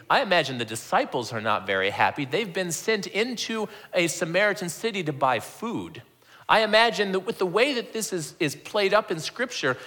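A man's voice: on the high side, fairly bright tone. A man preaching a conversational sermon that reads scripture and acts out its dialogue, often repeating words as he restarts a thought. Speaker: pastor.

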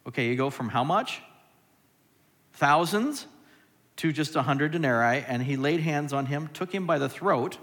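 A man's voice: fairly high pitch, expressive, moderate pace, fairly bright tone, big-room sound. A man preaching a sermon as a pastor, talking conversationally and asking the listeners rhetorical questions.

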